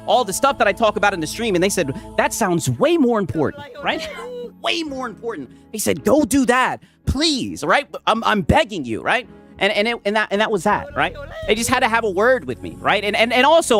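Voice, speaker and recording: Male streamer, casual chat host, very expressive pitch, habitual "right?", faint background music. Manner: animated, repeats "right?" constantly, reads chat shout-outs.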